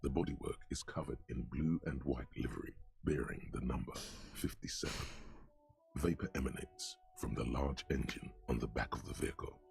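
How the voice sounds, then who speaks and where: Gravelly, ominous game narrator. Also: male voice, very deep voice, darkish tone, full character voice. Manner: slow and ominous second-person narration. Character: brooding inner-voice narrator of a detective game.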